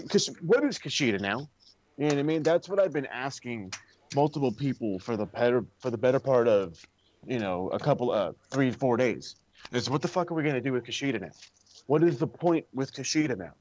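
A man co-hosting a wrestling chat, sarcastic and profane, ranting with plenty of swearing. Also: mid-range voice. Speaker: wrestling podcast co-host. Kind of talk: casual chat. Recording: dull dry lo-fi.

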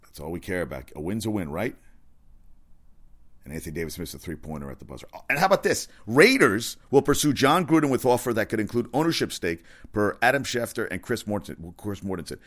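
Deep-voiced man ranting about sports. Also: fast talker. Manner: excitable, profane, rambling with self-corrections. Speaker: sports commentator. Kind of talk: casual sports rant.

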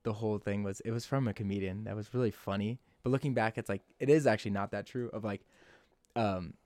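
A young man co-hosting a casual podcast, chatty and quick to laugh and swear. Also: on the low side, fairly even intonation, darkish tone, dry recording. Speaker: podcast co-host.

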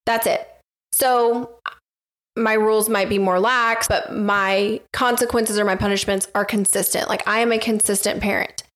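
A woman's voice: mid-range voice, steady tone, normal speed, a bit bright. A woman on a podcast, telling a candid, self-assured story in casual chat.

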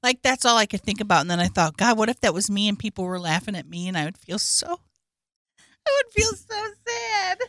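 A woman's voice: medium pitch, fast talker, few pauses, no room sound, clean studio sound. A young woman co-hosting a casual podcast chat, earnest and emotional as she talks. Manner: earnest, emotional, soft-hearted. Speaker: podcast co-host.

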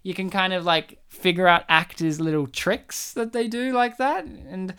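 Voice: medium pitch, unhurried, pushed and bright, clear, resonant tone. A podcast co-host in casual chat, joking, teasing and swearing freely.

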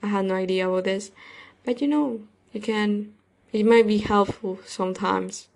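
A woman's voice: mid-range voice, normal speed, creaky, darkish tone. A woman hosting her own podcast, talking casually and rambling, with many fillers and loose grammar. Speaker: podcast host. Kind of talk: casual solo podcast monologue.

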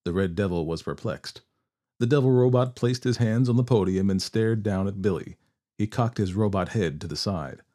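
Deep mellow male storyteller. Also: normal speed. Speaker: narrator. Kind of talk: storybook narration.

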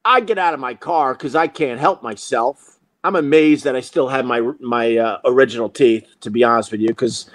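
A man's voice: mid-range voice, normal speed, dry recording. A man telling a comic story in a profane, self-mocking monologue as host.

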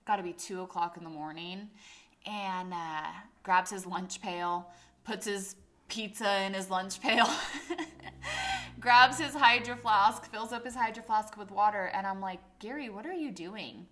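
A woman podcast co-host telling a funny story in casual chat, swearing a lot and acting out quotes loudly. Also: mid-range voice, unhurried. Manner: animated, swearing often, acts out quotes loudly.

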